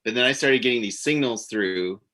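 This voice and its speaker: A man's voice: medium pitch, bright, forceful tone, close to an everyday voice. A man improvising a confused alien envoy who stammers and halts as he talks. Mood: bumbling. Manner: halting, stammering. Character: confused male alien envoy, a mirror double of the captain. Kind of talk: improvised sci-fi comedy.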